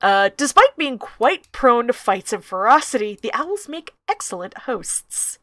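High bright woman podcast co-host. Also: measured pace, no echo. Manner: laughing, profane, animated. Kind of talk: casual book-club chat and read-aloud.

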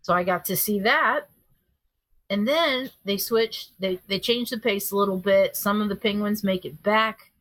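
Animated, swearing woman telling a story. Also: mid-range voice, measured pace, no room sound. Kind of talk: casual chat.

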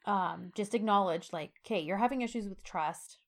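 A woman's voice: mid-range voice, normal speed. A woman co-hosting a casual podcast who recaps a TV episode in a chatty way, quoting the characters as she goes. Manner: chatty, retells scenes by quoting lines. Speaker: podcast co-host.

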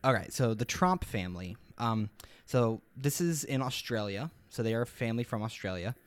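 A man's voice: mid-range voice, animated, moderate pace. A young adult man co-hosting a podcast, telling a mystery story in casual, rambling, upbeat chat.

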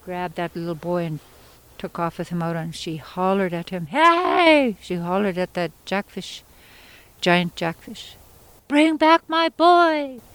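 A woman storyteller from Yukon, Canada, telling a traditional story in an unhurried, conversational way with pauses and asides. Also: fairly low pitch, level tone, clear, resonant tone, rough recording. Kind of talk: oral storytelling.

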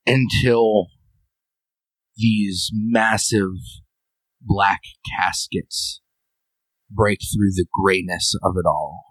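A man with a deep voice narrates a tabletop game as game master. He takes his time, drawing out each description with pauses. The recording is dry and close. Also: fairly even intonation, a bit bright, no room sound, low-quality recording.

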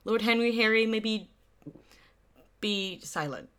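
A woman in a casual book-club podcast chat, animated and full of filler words. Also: on the high side, takes it slowly, clean tone. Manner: animated, heavy on "like", acts out quotes. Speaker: podcast co-host discussing a novel.

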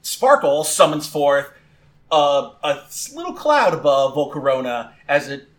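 A man's voice: fairly high pitch, big pitch swings, a little slow. A man narrating a tabletop game as game master, with loose, restarting delivery and fillers.

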